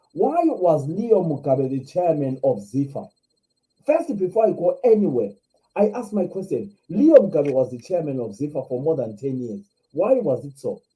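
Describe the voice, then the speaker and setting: A Zimbabwean man hosts a live stream in a fairly high, mellow voice, speaking passionately. He repeats himself and fires off rhetorical questions, and the recording is rough.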